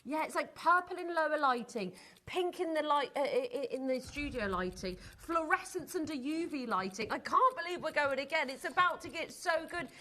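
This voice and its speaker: A woman's voice: high voice, expressive, moderate pace, bright, forceful tone, a little hiss or hum. A woman presenting live on a shopping channel in a studio, gushing and enthusiastic as she greets viewers by name.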